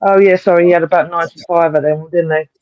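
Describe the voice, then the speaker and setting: Male co-host, high and bouncy voice, muffled dull mic, chatty. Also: steady tone, quick pace, darkish tone. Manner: chuckling, loose, interjects often. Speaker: podcast co-host. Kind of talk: casual chat.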